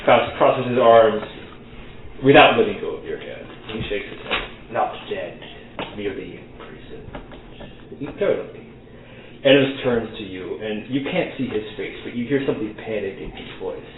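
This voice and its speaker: A man's voice: medium pitch, slight background noise. Man narrating a tabletop game, phone-thin. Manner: slow, hushed dramatic narration. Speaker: game master. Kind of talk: dramatic second-person game narration. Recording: echoey tinny phone-like audio with music.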